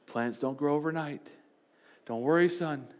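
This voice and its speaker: A male pastor voicing a worried father in a parable, speaking a little higher. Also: a little slow, lightly acted. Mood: reassuring. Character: worried father pushing his son.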